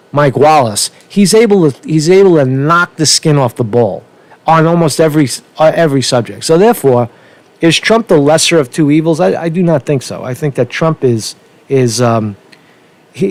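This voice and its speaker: A man's voice: on the high side, no room sound. Rambling, profane man with a dry sound. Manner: rambling, profane, with many restarts. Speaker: political vlogger. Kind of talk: casual opinion rant.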